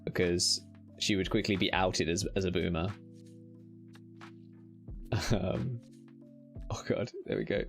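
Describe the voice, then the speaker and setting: A British man with a low, gravelly voice talks loosely to his live-stream viewers while he plays. He is self-mocking and chatty, and he curses at the game when it goes wrong. Soft music plays quietly underneath. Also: steady tone, takes it slowly, pauses often. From United Kingdom. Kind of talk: casual live-stream chat while gaming.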